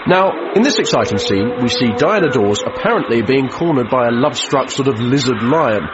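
A man's voice: mid-range voice, animated, moderate pace, lo-fi sound, heavy background noise, lightly acted. A man playing a boastful 1950s film studio presenter in a mock newsreel.

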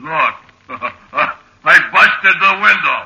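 A man's voice: fairly high pitch, animated, takes it slowly, gravelly, pushed and bright, heavily acted. A man playing a blustering, grumbling man who has grown to giant size, in an old-time radio comedy. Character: gruff bossy man, suddenly giant. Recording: dull roomy old radio recording.

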